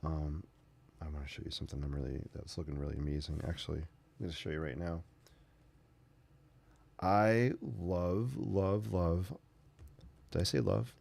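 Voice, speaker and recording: A man's voice: very deep voice, fairly even intonation, fast talker, creaky, darkish tone, slightly rough, dry recording. A man hosting a casual painting tutorial, rambling through chatty asides as he works. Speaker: sketching channel host.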